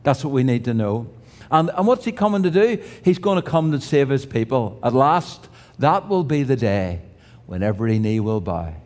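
A man's voice: mid-range voice, sing-song, moderate pace, a little mellow. An older man preaching a sermon in a conversational way, with restarts and humorous asides. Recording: reverberant hall.

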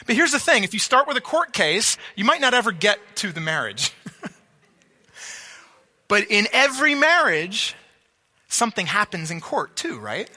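A man's voice: high-pitched, very animated, normal speed, long pauses, pushed and bright. A man preaching a sermon, earnest, repeating words for emphasis and checking that listeners follow. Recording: long reverb of a large hall.

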